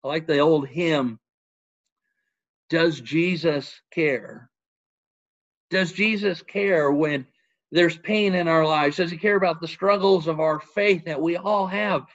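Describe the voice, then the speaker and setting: A man's voice: fairly high pitch, slow, a bit bright, lo-fi sound. A man preaching a sermon in an earnest manner, asking rhetorical questions and citing scripture.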